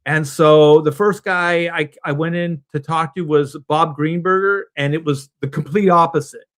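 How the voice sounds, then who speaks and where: A man's voice: fairly high pitch, moderate pace. A middle-aged man from Southern California, casually telling a long anecdote over a video call and acting out the people in it. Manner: animated anecdote teller, acts out quoted voices. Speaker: comic book artist guest on a panel stream.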